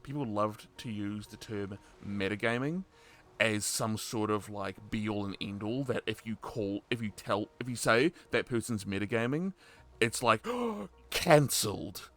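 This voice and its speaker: A man in his thirties leads a relaxed interview with a fairly low voice. He tells stories animatedly, cracking jokes and laughing along the way. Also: measured pace. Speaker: podcast host and roleplay community admin. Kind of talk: casual conversational interview.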